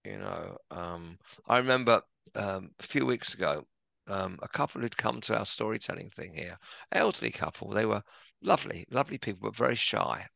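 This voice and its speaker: A middle-aged man, a podcast guest, telling reflective stories in a gentle, self-deprecating way. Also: lowish voice, lively intonation, normal speed, gravelly, dry recording. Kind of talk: relaxed conversational storytelling.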